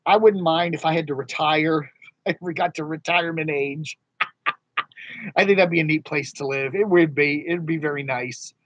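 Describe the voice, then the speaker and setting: A man with a slightly raised, husky voice rambles through a relaxed live chat with his viewers, chuckling between thoughts. The sound is dry and close, with no room echo. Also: on the high side, normal speed, dull audio. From mid-Atlantic United States. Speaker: live stream host. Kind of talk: casual live chat reading viewer comments. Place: home studio in Northern Virginia.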